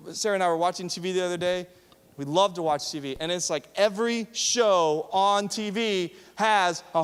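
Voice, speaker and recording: Animated man preaching in a hall. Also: a little high, clean tone. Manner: animated, joking asides, rhetorical questions, acts out quotes. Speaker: young adult ministry pastor. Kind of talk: sermon. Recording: long hall reverb.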